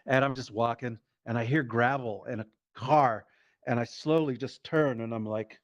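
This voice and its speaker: A man doing stand-up comedy, telling a story in a lively, profane way and acting out the voices of the people in it. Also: medium pitch, moderate pace, no echo. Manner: animated, profane, acts out quoted voices.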